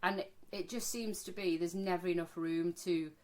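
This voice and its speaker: A middle-aged woman co-hosting a podcast, telling holiday stories in a chatty, animated way and swearing freely. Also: fairly low pitch, moderate pace. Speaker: podcast co-host. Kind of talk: casual chat.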